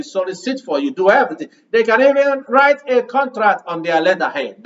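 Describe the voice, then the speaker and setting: A man preaches with a high voice, hammering his congregation with rhetorical questions. He sounds set back from the microphone, and the recording is dull and muffled. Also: fairly bright tone, recorded from a distance. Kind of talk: sermon.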